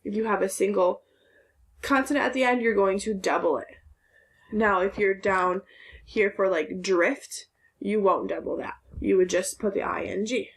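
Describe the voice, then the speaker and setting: A woman's voice: medium pitch, a little slow. A woman teacher giving a recorded phonics lesson for young children, patiently sounding out words syllable by syllable.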